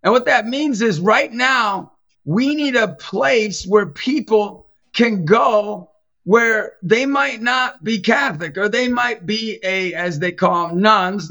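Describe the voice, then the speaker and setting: A middle-aged man who is a Catholic evangelist and youth basketball coach tells stories in a casual podcast chat, animatedly acting out the voices of the people in them. His voice sits high and he speaks slowly, with dull audio.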